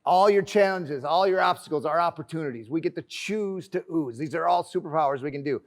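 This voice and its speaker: A man giving an energetic, joking motivational talk from a conference stage, calling the audience his friends. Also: a little high, a little fast. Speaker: keynote speaker.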